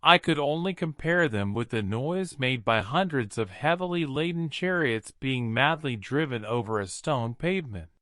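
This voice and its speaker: A man reading a classic adventure novel aloud in a measured, dramatic narration. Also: medium pitch, expressive, a bit bright, dry recording, clean studio sound. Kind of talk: audiobook narration.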